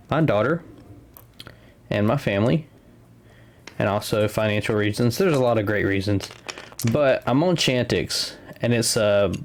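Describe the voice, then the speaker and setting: Over slight background noise, a lowish-voiced man trades casual chatter and easy laughs as co-host and commentator on a live tabletop game stream.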